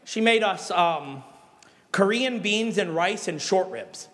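High-voiced Midwestern pastor preaching. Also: male voice, takes it slowly, big-room sound. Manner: animated storytelling with emphatic exhortations. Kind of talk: sermon.

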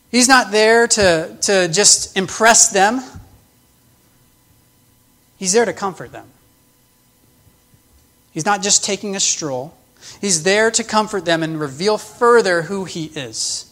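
Male preacher, higher voice, earnest teaching sermon, emphatic. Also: slow pace, pauses often, pushed and bright. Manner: earnest, explanatory, with emphatic restarts.

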